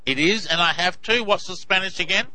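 A male host leading a casual interview in a brisk, encouraging way. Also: high voice, bright, forceful tone, poor audio.

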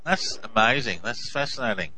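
A male host leading a casual interview in a brisk, encouraging way. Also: mid-range voice, lively intonation, sharp tone, poor audio.

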